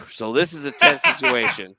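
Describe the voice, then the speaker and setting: A middle-aged man hosting a podcast, telling stories in casual, profane, animated chat. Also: high voice, moderate pace, creaky, a little hiss or hum. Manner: animated storytelling with profanity and laughter. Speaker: podcast host.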